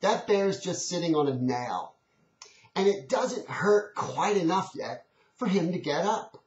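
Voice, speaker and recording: Brief: calm grown man zookeeper, done by a man, casual reassurance, roomy lo-fi take. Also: sits high, a little slow. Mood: offhand. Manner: offhand and reassuring. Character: calm, unbothered adult male zookeeper. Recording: dull, echoey old recording.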